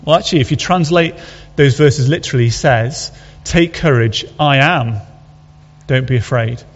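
A man's voice: mid-range voice, normal speed. A man preaching a sermon, earnest and conversational, asking his listeners rhetorical questions. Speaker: pastor. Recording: dull audio with long hall reverb.

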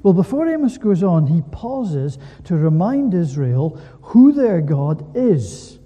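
Animated preacher in a reverberant hall. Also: male voice, high voice, slow pace, slightly rough. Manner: animated preaching with rhetorical questions. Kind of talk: sermon.

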